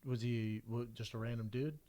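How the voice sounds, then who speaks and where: A man's voice: mid-range voice, steady tone, normal speed, mellow. A man co-hosting a podcast as a fighter, telling stories in casual chat, blunt and swearing freely.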